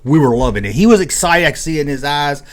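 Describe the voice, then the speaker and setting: A man's voice: on the high side, expressive, quick pace. A man hosting his own video, telling a story casually and acting out scenes with sound effects. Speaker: vlog host.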